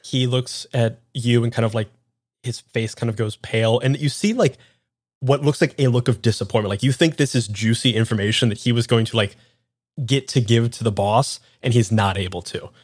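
Casual game master narrating a scene. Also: male voice, mid-range voice, moderate pace, no echo, clean studio sound. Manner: vivid, casual, many fillers.

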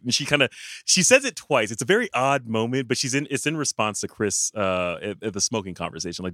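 A man co-hosting a podcast, talking about films casually with halting restarts and frequent laughs. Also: mid-range voice, animated, a bit bright, no echo, clean studio sound. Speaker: podcast co-host. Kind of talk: casual film discussion.

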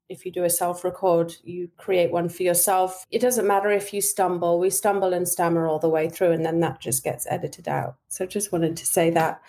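A woman from Britain talks as a podcast guest with a mellow, lowish voice. She explains her audiobook craft thoughtfully and often pauses on fillers. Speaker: guest, actress and audiobook narrator. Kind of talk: interview conversation.

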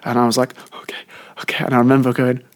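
A man's voice: medium pitch, monotone, very fast. A man co-hosting a casual podcast chat, telling long stories that wander, trail off and restart as he goes. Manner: rambling storyteller who often trails off and restarts. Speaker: podcast co-host.

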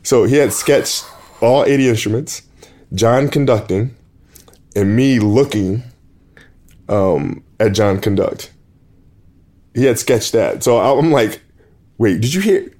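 A man with a fairly low voice tells an excited story as a guest. He is eager and stumbles over his words, restarting and repeating himself as he goes. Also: slow, long pauses.

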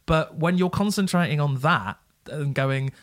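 Emphatic man with a higher voice. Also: measured pace, a bit bright. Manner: emphatic, repeats words and restarts while thinking. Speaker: podcast guest. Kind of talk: casual film chat.

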